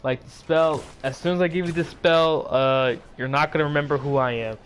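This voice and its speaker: Sleepy rambling man, slightly high voice. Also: steady tone, moderate pace. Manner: rambling, filler-heavy retelling. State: sleepy and yawning; sore throat. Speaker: YouTuber. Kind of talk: casual movie recap.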